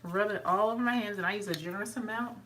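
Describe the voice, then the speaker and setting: A woman's voice: quick pace, fairly bright tone, recorded from a distance, slight background noise, low-quality recording. A woman talking casually through her hair routine as a vlogger, chatting along as she works. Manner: chatty, talks to her dog in a high sweet voice. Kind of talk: casual hair tutorial chat.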